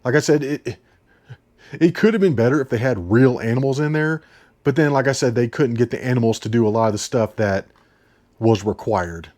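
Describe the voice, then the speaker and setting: A man's voice: mid-range voice, brisk, a little mellow. Regular guy rambling about movies he watched, laughs a lot, says the same thing twice. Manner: chatty, laughs often, repeats himself. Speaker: movie reviewer. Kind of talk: casual rambling movie review.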